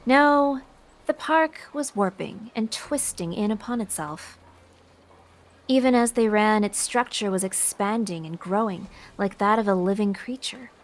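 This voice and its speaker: A woman's voice: mid-range voice, unhurried. Woman narrating a game story. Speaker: narrator reading a visual novel. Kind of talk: dramatic narration read aloud.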